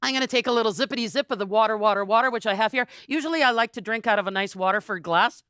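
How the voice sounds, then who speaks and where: A woman hosting a charity auction, giving an exuberant, booming fundraising pitch with playful asides. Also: racing, a bit bright, clear, resonant tone, no echo, clean studio sound. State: a little out of breath. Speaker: charity auctioneer and event host.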